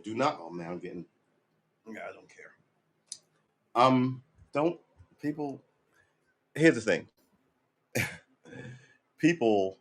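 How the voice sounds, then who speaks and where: A man chatting casually on a live stream while he practices guitar at home, rambling and mocking himself. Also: fairly low pitch. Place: room at home.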